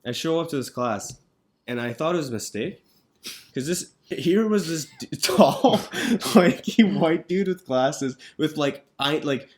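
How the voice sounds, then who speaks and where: A man's voice: a little high, lively intonation, a little slow, crowd noise. A young man co-hosting a podcast in casual chat, rambling and hesitant, with many fillers. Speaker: podcast co-host.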